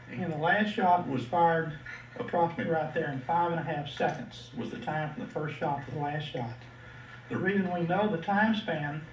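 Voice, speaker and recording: A man with a Texas accent speaks to a seated audience in a plain, measured way, pausing on "uh" now and then. His fairly high voice carries across a reverberant hall. The old recording picks him up from a distance, muffled, with a faint hiss beneath. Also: fairly bright tone. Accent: Texan. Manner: plain, measured, frequent "uh" fillers. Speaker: seminar speaker. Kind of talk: lecture to an audience. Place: lecture hall. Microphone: room microphone at a distance. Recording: dull, roomy old video recording from far off.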